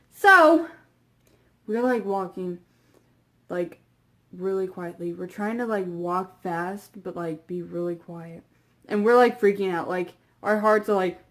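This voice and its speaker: A young woman tells a story to her camera at an unhurried pace, her voice sitting a little high. She rambles, piles on fillers and lets her asides drop off quietly. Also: lively intonation. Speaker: vlogger.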